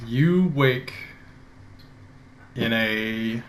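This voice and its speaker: A man running a tabletop game as dungeon master, telling the scene slowly and dramatically. He speaks into a headset at a mid pitch, with a faint hiss under the voice. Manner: slow, dramatic storytelling.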